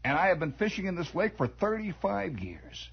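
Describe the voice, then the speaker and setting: A man's voice: high-pitched, sing-song, normal speed, gravelly, slightly rough, full character voice. A man voicing a grizzled old male fisherman, drawling and emphatic, on a dull lo-fi 1960s radio broadcast. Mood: awed.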